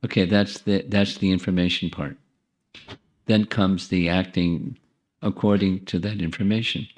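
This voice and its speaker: A deep-voiced man lecturing on spiritual teachings, talking in a loose, conversational way. He often restarts his phrases and turns to the audience with friendly asides. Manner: repeats and restarts phrases while thinking. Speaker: monk giving a spiritual talk.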